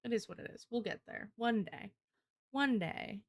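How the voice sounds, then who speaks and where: A woman's voice: a little high, moderate pace, no room sound. A young adult woman live streamer chatting casually to her viewers, rambling and swearing, with lots of "like" fillers. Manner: rambling, profane, heavy use of "like".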